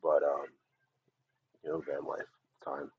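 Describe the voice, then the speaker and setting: A man's voice: rumbling low, completely flat delivery, slow pace, creaky, a little hiss or hum. A man talking in a rambling, blunt monologue, swearing often as he vents. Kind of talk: casual ranting monologue. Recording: dull lo-fi recording.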